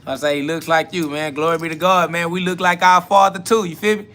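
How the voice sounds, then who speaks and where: Blunt, bright-voiced man preaching on a live podcast. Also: fairly high pitch, fairly even intonation, fairly quick. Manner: blunt, profane, preachy, repeats "facts"; answers chat comments aloud. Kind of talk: live self-talk podcast monologue.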